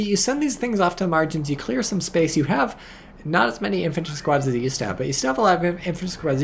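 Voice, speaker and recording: A man giving casual, rambling game commentary full of swearing, tired and a bit drunk, with sudden bursts of excitement. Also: fairly high pitch, gravelly, a little hiss or hum.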